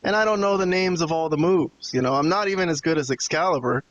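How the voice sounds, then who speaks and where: A man with a slightly high voice talks through a casual podcast chat, rambling and cursing freely. A faint hiss sits under his voice. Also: fast talker, a bit bright, dull audio. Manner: rambling and profane, venting to co-hosts. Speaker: podcast host.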